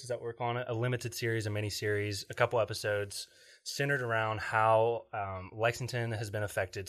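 A man's voice: fairly low pitch, fairly bright tone. A man co-hosting a casual podcast, telling stories and often laughing as he talks. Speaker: podcast co-host.

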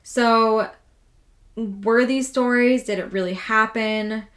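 A woman's voice: a little high, steady tone, slow pace, a bit bright. Woman podcast host, casual storyteller, chatty with swearing. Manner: casual, swears freely, lots of "like". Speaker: podcast co-host telling a true haunting story.

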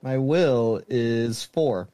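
A man's voice: mid-range voice, drawn-out words, warm tone, no echo. A man playing in a tabletop game, chatting casually and joking about his rolls. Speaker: player.

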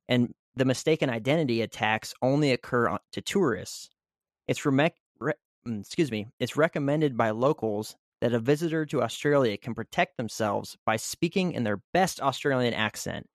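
A man's voice: medium pitch, dry recording, clean studio sound. A man hosting a casual podcast who reads a written segment aloud and then riffs on it loosely, with lots of "you know" fillers. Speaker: podcast host.

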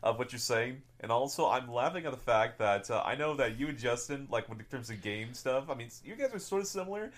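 A man's voice: mid-range voice, expressive, a little fast, few pauses. A man in casual chat, amused and laughing often, swearing casually.

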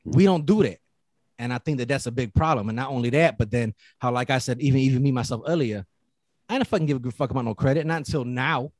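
A man in his thirties talking bluntly and profanely in casual chat, telling animated stories. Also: mid-range voice, quick pace, dry recording. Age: 30s.

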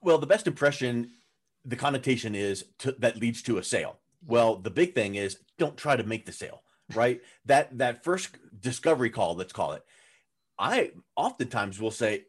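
A man being interviewed as a business coach, talking loosely and animatedly, slipping into acted-out voices with big jumps in pitch. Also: lively intonation, moderate pace, slightly rough. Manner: loose and chatty with fillers. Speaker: guest, authority positioning coach. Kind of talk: conversational podcast interview.

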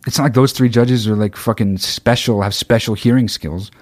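A man's voice: medium pitch, fairly even intonation, moderate pace, dry recording. A man hosting a podcast in a rambling, sarcastic comedic monologue, swearing constantly. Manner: sings mock-solemn snatches of songs. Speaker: podcast host.

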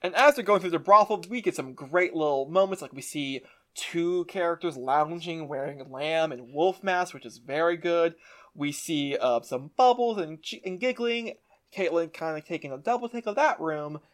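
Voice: mid-range voice, lively intonation, moderate pace, fairly bright tone. A podcast co-host casually recapping a show, retelling scenes with enthusiasm. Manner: enthusiastic retelling with quoted voices.

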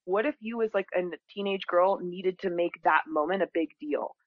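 A woman's voice: on the low side, normal speed, no echo, phone-quality sound. A woman, a spiritual teacher, talking expressively as a podcast guest and acting out the voices of people she quotes. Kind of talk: conversational interview.

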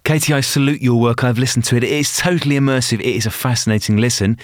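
A man in his forties co-hosts a podcast with an easy, joking delivery. His voice sits at an ordinary pitch and is recorded close and dry, with no room sound. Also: steady tone, fast talker, dry recording. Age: 40s. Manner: playful, jokey. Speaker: podcast co-host. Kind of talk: casual podcast chat.

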